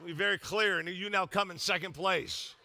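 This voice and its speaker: Bright, animated older male pastor. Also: high voice, normal speed. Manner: humorous storytelling, animated, loud emphatic bursts. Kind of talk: sermon.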